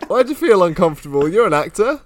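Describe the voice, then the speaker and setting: A man on a comedy podcast with a somewhat higher voice, cheeky and teasing. He also reads the outro. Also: big pitch swings, quick pace, slight background noise. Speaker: podcast co-host. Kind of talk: casual banter and outro reading.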